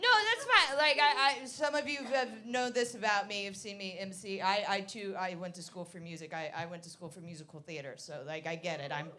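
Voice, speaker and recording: At a live comedy venue, the MC, a woman with a mid-range voice, works the audience a little fast and with few pauses. She is brash, teasing, and freely profane. Loud crowd noise surrounds her, full of laughter and chatter.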